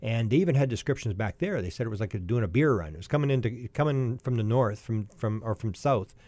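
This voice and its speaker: A Canadian man in his sixties, mid-range voice and fast delivery, tells a long personal story as a podcast guest. He is lively and anecdotal and often restarts his sentences.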